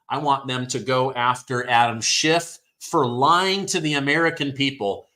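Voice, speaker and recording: A man hosting a live stream, reading headlines aloud and reacting with excitement, his throat sore from hours of talking. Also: a little high. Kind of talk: live election-night commentary.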